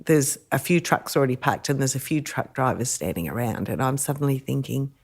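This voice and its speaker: A middle-aged woman with an Australian accent, a podcast guest telling lively stories with frequent laughter. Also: very deep voice, fairly quick, husky. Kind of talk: storytelling in casual chat.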